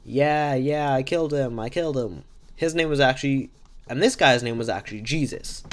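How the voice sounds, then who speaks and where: A man's voice: mid-range voice, moderate pace. A man hosting a podcast, improvising a silly, rambling comic story and often correcting himself. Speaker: podcast host.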